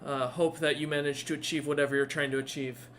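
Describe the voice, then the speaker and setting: A man's voice: on the high side, little pitch movement, fast talker, fairly bright tone, slight background noise, close to an everyday voice. A man playing a polite, hesitant news reporter. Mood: courteous. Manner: courteous, hesitant, full of fillers.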